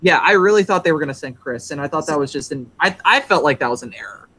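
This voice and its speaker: Man, slightly high and bright, analytical, casual. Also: lively intonation, quick pace. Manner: analytical, hedging with "like". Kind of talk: casual chat.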